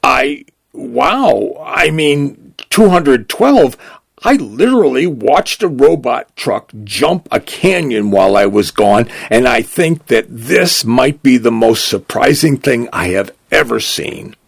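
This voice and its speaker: A man voicing a robot delivery vehicle that is startled and fussy, speaking in quick exclamations. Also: mid-range voice, very animated, creaky, husky, heavily acted. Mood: stunned. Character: flustered robot delivery vehicle, male-sounding.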